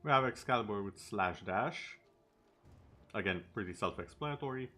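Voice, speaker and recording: A man's voice: lowish voice, expressive, moderate pace, sharp tone, soft background music. A male streamer in casual chat over gameplay, talking easily and tossing in sarcastic asides.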